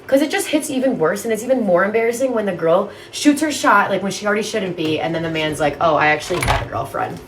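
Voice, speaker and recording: Woman, twenties, casual rant, exasperated, profane, mid-pitched, noisy phone audio. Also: expressive, quick pace, few pauses. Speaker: content creator.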